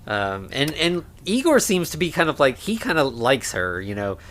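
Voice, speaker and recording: A man's voice: mid-range voice, wildly swooping pitch, normal speed, fairly bright tone, a little hiss or hum. Rambling man recapping a movie. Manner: rambling, filler-heavy, often laughing. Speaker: podcast co-host. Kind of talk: casual movie recap chat.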